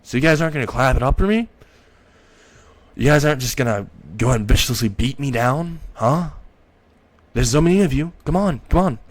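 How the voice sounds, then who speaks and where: A man's voice: medium pitch, a little fast, lightly acted. A man voicing a bitter, sarcastic outcast teenage boy in a fan-made story reading. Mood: mocking. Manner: sarcastic, mocking.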